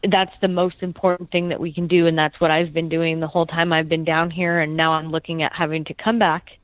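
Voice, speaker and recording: American woman guest, soft-spoken, lots of ums, lowish voice, dry sound. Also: level tone, fairly quick, dry recording, poor audio. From United States.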